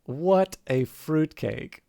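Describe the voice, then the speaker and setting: A man's voice: medium pitch, big pitch swings, normal speed, slight background noise. A Canadian man voicing a baffled young male lawyer with dry, bemused asides. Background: game music.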